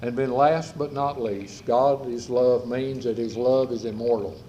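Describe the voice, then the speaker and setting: Slow, measured male preacher. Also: mid-range voice, fairly even intonation, mellow, lo-fi sound, a little hiss or hum. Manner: slow, measured preaching with repeated phrases and dropping endings. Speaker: pastor. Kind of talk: sermon. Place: church sanctuary during a service.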